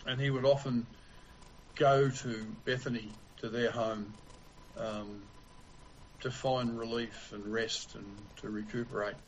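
A man preaching a sermon in a slow, deliberate way with long pauses. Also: mid-range voice, flat delivery, a little hiss or hum, rough recording.

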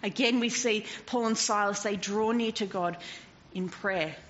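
A woman preaching a sermon in an animated way, swinging from loud to hushed and often laughing. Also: medium pitch, a little slow. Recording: dull lo-fi recording with faint noise.

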